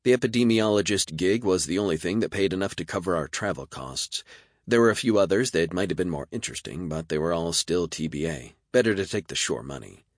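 A man calmly narrating a science fiction story as an audiobook reader. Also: deep voice, a little fast, dry recording, clean studio sound.

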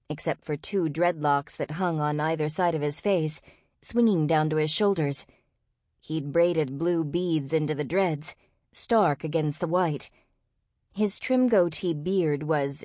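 A woman reads a novel aloud in a measured storytelling voice that sits on the low side. She is recorded on a close studio mic with no room sound at all. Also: dark tone, no room sound. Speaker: audiobook narrator. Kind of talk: scripted narration.

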